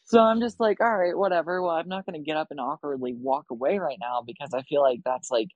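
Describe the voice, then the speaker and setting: A woman's voice: low-pitched, quick pace, no room sound, dull audio. A woman on a podcast over a video call, telling a story casually with lots of swearing and acted-out dialogue. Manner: profane, animated, acts out quoted dialogue. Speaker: podcast guest.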